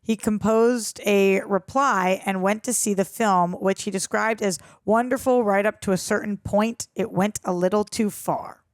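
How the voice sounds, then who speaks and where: A woman's voice: medium pitch, fairly even intonation, measured pace, hardly any pauses, no room sound. A young adult woman co-hosting a movie reaction show, chatting casually, reading out trivia and laughing often. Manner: giggly, repeats a running joke, often laughs mid-sentence.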